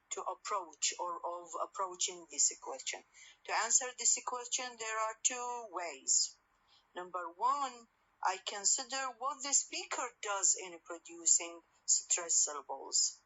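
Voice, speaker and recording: Woman lecturer, bright voice. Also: mid-range voice, animated, slight background noise, poor audio. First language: Arabic. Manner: slow explanatory, many fillers, switches into Arabic glosses. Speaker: university lecturer. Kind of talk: recorded lecture.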